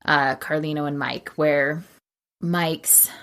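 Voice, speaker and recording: Low-voiced woman recapping a film. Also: fairly even intonation, takes it slowly, fairly bright tone. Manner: retells plot at length, acting out characters' lines; chatty, frequent "like" and laughter. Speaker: podcast co-host. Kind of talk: casual film recap chat.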